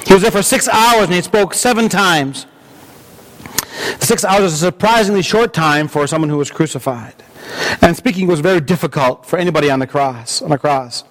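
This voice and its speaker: A man preaching a sermon in a high-pitched voice. He delivers it earnestly and at a measured pace, now and then restarting a word. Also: fairly bright tone. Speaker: pastor.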